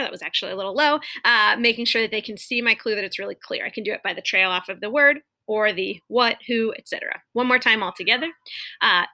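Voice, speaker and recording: A young adult woman coaching teachers, explaining classroom call-and-response techniques and demonstrating them with clear, exaggerated cues as if to students. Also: medium pitch, pushed and bright. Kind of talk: instructional demonstration.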